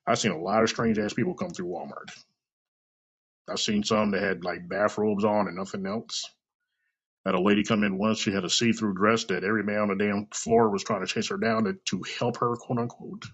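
A man's voice: fairly low pitch, lively intonation, normal speed, vocal fry, a bit bright, husky. A man hosting a solo podcast, rambling and swearing freely with self-mocking asides. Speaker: podcast host. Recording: dull lo-fi recording.

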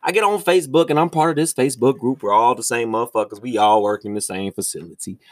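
A young man telling a story in a casual, profane ranting monologue, with his voice jumping high when he gets exasperated. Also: fast talker, no echo, clean studio sound. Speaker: vlogger.

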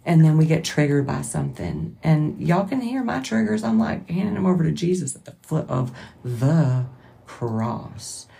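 A woman's voice: sits low, big pitch swings, moderate pace, vocal fry, dark tone. A woman, hosting a podcast as a rambling, self-correcting, emotional faith-based monologue. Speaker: podcast host.

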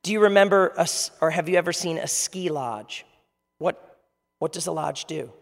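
A man's voice: a little high, moderate pace, creaky. A man preaching a conversational sermon as pastor, asking the audience questions. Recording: long reverb of a large hall.

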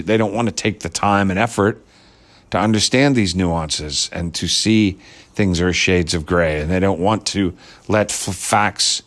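Low-ish voiced guy ranting solo, sarcastic and blunt, swears a lot. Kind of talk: ranting monologue.

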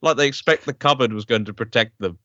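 A man's voice: mid-range voice, fast, pushed and bright, dry recording. A man chatting casually as a podcast guest, in an amused, easygoing way. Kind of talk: casual chat. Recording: dry, dull lo-fi sound.

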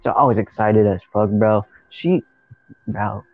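A man's voice: on the low side, unhurried, no room sound, soft background music. A young man telling a story in rambling, slangy casual chat, laughing along. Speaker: podcast co-host. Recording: dry, tinny phone-like sound.

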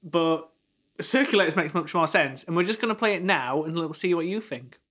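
A man's voice: fairly high pitch, normal speed, fairly bright tone, slight background noise. A man, co-hosting a casual music podcast, chatty and rambling, laughing often. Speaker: podcast co-host. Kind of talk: casual chat.

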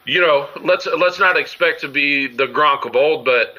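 A man's voice: a little high, measured pace, bright, forceful tone. A man co-hosting a casual sports podcast, rambling through his points with lots of fillers. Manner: rambling, full of fillers and restarts. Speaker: podcast co-host. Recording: dull lo-fi audio.

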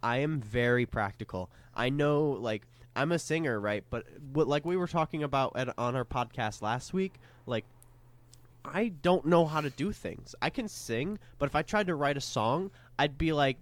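Smooth-voiced young man, halting and casual. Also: medium pitch, animated. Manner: hesitant, full of fillers and restarts. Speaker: podcast co-host. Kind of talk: casual chat.

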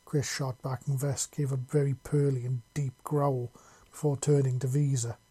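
A man reading fan fiction aloud in a casual, expressive way. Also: medium pitch, normal speed, breathy edge. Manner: casual, expressive, crude words. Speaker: reader.

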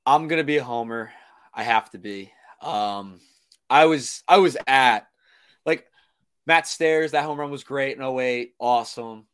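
A young man co-hosting a sports podcast, talking casually and excitably, often restarting his sentences. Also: medium pitch, unhurried, smooth. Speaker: podcast co-host.

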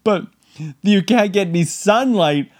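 Man, casual comedic rant, slightly high voice, unhurried delivery, frequent laughter. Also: lively intonation. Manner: rambling, laughs often, mock-outraged asides.

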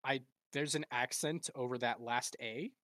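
A man co-hosting a relaxed podcast, often breaking into laughter as he fumbles through hard names. His voice sits at an ordinary middle pitch, recorded close and dry with no room sound. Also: normal speed, dry recording. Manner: laughing, stumbling over names, self-mocking. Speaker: podcast co-host. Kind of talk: casual chat.

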